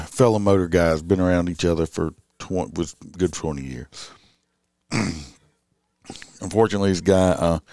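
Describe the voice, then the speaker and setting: In an extremely deep, low, darkish voice, a middle-aged man with a drawl, a police officer vlogger, delivers a late-night monologue. He rambles, restarts, and leans on fillers, captured in a dry, close recording with no room sound.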